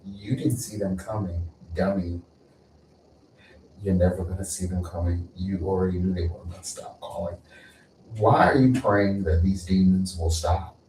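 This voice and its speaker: A man's voice: sits low, a little mellow. A man talking as a content creator in a rambling, repetitive mystical monologue that scolds and chants. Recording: roomy echo, far from mic, faint noise.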